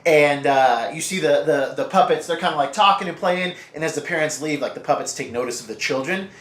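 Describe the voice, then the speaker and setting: A man's voice: a little high, a little fast, fairly bright tone, a little hiss or hum. Man recapping shows in an echoey room. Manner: enthusiastic episode recaps with quoted voices. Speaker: podcast co-host. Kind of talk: casual chat.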